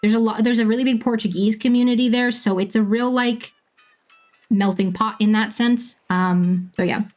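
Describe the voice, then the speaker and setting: A woman around thirty from Bermuda, chatting casually with viewers while she plays a game, laughing often and filling pauses with ums. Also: a little high, steady tone, darkish tone, faint music behind. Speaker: streamer.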